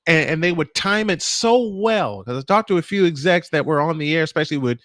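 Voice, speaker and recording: A man with a fairly high voice tells sports anecdotes in a relaxed chat, stumbling and restarting as he goes. He is recorded close and dry, with no room sound. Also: no echo. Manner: storytelling, halting restarts. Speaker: podcast co-host.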